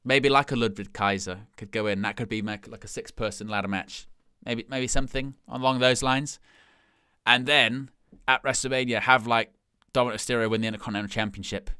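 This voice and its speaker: A man's voice: medium pitch, steady tone, a little fast, pushed and bright, clean tone, dry recording, clean studio sound. A man hosting a live stream, giving casual watch-along commentary and thinking aloud as he talks.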